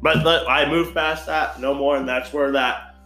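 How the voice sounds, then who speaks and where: With a bright, forceful tone, a young man speaks at a measured pace in a steady, somewhat high voice while recounting a crude party story. His casual telling rambles and is crammed with "like," and faint guitar music plays in the echoey room around him.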